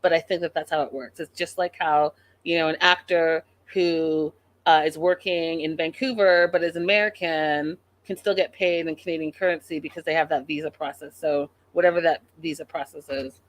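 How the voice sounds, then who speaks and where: A woman's voice: deep voice, steady tone, moderate pace. A woman hosting a casual live recap show, chatting and reading viewer comments with exasperation. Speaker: podcast host recapping a reality show.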